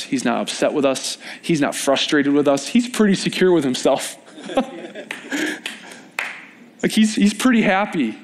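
Young guy preaching, chatty sermon, jokes with the crowd then gets all fired up. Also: on the high side. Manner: informal, joking with the congregation, rising to animated emphasis. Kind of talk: conversational sermon. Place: church service.

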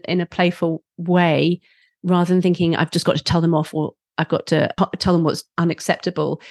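A woman who works as a parenting instructor, talking as a guest in a podcast interview, playful and quick to laugh. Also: fairly low pitch, no room sound, studio quality. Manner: playful, laughs easily, animated. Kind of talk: conversational interview.

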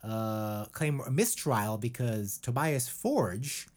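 A man's voice: mid-range voice, slow pace, a little mellow. A man co-hosting a podcast, rambling and joking in casual chat, often restarting his sentences. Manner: rambling and jokey, with many restarts. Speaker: podcast co-host.

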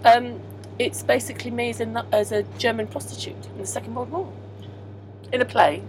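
A woman's voice: on the high side, steady tone, fairly quick, darkish tone. A woman comedian chatting casually as co-host, giggling and chipping in, recorded on a moving train at night. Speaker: podcast co-host and stand-up comedian. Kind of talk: casual chat. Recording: background train noise.

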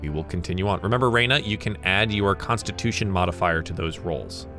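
A man running a tabletop game as game master, chatty and quick to laugh. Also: low-pitched, music in the background. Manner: laughs often, relaxed and chatty.

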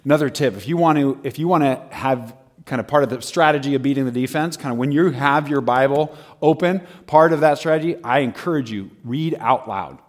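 Lively, laughing male preacher. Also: medium pitch, a little fast. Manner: energetic and conversational, laughs often between points. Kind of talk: humorous sermon.

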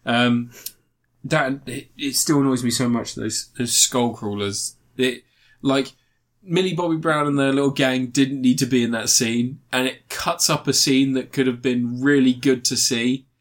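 A man in casual film chat, animated and acting out scenes in exaggerated voices. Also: mid-range voice, a little slow.

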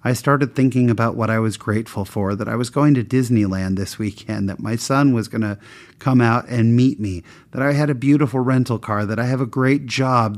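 A man sharing a personal anecdote with a moral lesson, in a candid, conversational and self-mocking way. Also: a little mellow. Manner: voices the people in his story with big pitch swings.

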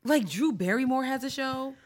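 A woman co-hosting a casual chat, playful and quick to react. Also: high-pitched, animated. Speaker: podcast co-host.

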